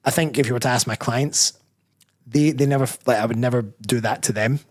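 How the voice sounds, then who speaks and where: A Scottish man speaking in a casual podcast interview, his voice sitting at an ordinary middle pitch. He thinks out loud, wandering through long sentences and correcting himself as he goes. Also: a little fast. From Scotland. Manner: reflective, rambling, frequent self-corrections. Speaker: personal trainer and bodybuilder guest.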